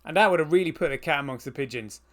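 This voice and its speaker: A man co-hosting a podcast, talking in a halting way with lots of fillers. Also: on the high side, lively intonation, a bit bright. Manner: halting, filler-heavy, agreeable. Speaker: podcast co-host. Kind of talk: casual chat.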